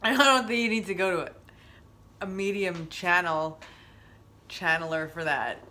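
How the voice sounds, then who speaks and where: A woman's voice: lowish voice, a little slow, pushed and bright. A middle-aged woman hosting a wellness stream in casual chat, rambling and openly emotional as she talks.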